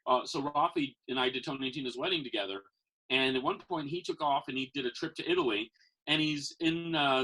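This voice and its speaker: Podcast guest, male, husky edge to his voice, energetic rambling storyteller. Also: medium pitch, rough recording. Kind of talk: casual storytelling chat.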